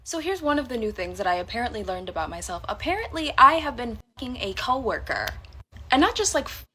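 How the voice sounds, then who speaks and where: A woman's voice: fairly high pitch, sing-song, fast, sharp tone, slight background noise. A woman telling a personal work story in a candid, blunt and profane way. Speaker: storyteller in a reacted-to clip. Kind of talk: casual storytelling to camera.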